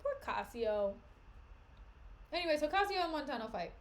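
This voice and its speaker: A woman's voice: high voice, very animated, normal speed. A woman streamer reading a play aloud casually and adding chatty, sarcastic asides.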